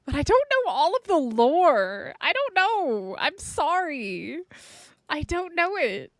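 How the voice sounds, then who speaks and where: A woman's voice: high-pitched, sing-song, slow, no room sound, clean studio sound. A woman streaming a survival game, chatting playfully with her viewers and laughing often. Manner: playful, giggly, chats with viewers. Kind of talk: casual live-stream chat.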